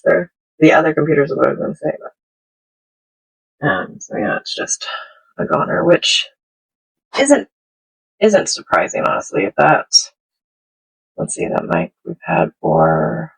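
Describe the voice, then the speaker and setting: A middle-aged woman chatting casually and rambling while she crafts at home, with soft laughs. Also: low-pitched, creaky, slightly rough, low-quality recording. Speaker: craft video host. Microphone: smartphone.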